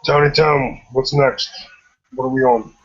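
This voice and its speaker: A man's voice: medium pitch, level tone, measured pace. A man co-hosting a casual podcast chat, laid-back and profane, mostly agreeing. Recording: husky, dull lo-fi line.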